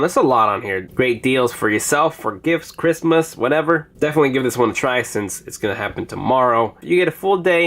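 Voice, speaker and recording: A man's voice: mid-range voice, fairly bright tone. A man casually reviewing phone apps, chatty as he demonstrates each one on screen. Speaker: app reviewer. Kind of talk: casual app review narration.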